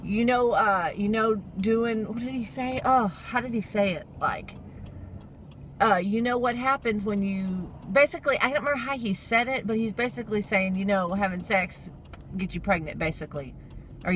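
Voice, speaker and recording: A woman's voice: medium pitch, moderate pace, fairly bright tone, slight background noise. A young woman with a stuffy nose, rambling through a story in a casual vlog and laughing along the way. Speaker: vlogger.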